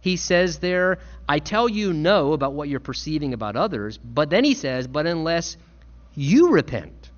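Earnest, lively male preacher. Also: a little high, moderate pace, dull audio. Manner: earnest, emphatic preaching with repetition. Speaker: pastor. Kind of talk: sermon.

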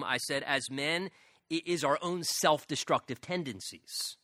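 A man's voice: a little high, a little slow, bright, forceful tone, dry recording. A man pastor preaching a sermon in a church, earnest and emphatic, voicing prayers with rising intensity. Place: church sanctuary.

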